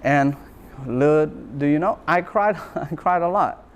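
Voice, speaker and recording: A man's voice: fairly high pitch, lively intonation, a little slow, vocal fry, slight background noise. A man, a university lecturer, giving a motivational talk and telling his own story in an earnest, reflective way, repeating phrases for emphasis.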